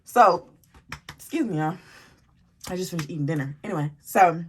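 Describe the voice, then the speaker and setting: A young adult woman telling a story in a casual vlog, animated and profane, acting out the dialogue as she goes. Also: on the low side, normal speed, a little hiss or hum. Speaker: storytime vlogger.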